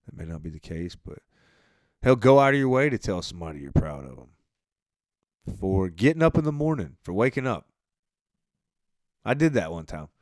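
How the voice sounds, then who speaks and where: A man hosting a podcast, telling a rambling, profane story in a laid-back way, his voice often trailing off quietly at the end of phrases. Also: on the low side, big pitch swings, normal speed, long pauses, no room sound, studio quality. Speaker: podcast host. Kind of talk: casual monologue.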